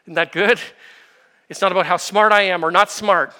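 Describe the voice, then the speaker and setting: A man preaching a sermon, explaining scripture with everyday illustrations and rhetorical questions, swinging from quiet asides to fervent emphasis. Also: sits high, steady tone, normal speed. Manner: expository preaching, builds to impassioned emphasis then drops to quiet. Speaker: pastor.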